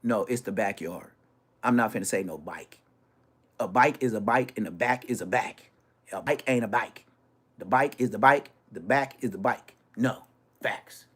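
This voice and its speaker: A man from Florida, a YouTuber, ranting casually with brash, profane talk and quick mimicry of other people. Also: fairly low pitch, breathy edge. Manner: animated, brash, swearing, mimics others' voices.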